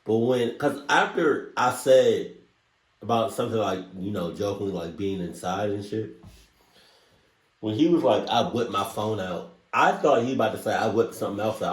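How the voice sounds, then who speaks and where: A man's voice: on the low side, normal speed. A man hosting a reaction video, rambling and joking, trailing off mid-thought as he comments. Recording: roomy, distant mic.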